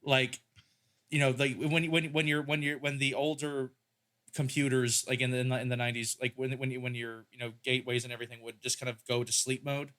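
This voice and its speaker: A man with a bright, forceful voice chats casually on a podcast. He rambles and riffs with jokes, restarting his sentences as he goes. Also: medium pitch, little pitch movement, brisk.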